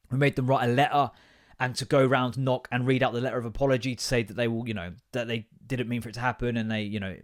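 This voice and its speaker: A man, hosting a casual comedic podcast monologue in a rambling, swearing, self-mocking way. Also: mid-range voice. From England. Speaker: podcast host.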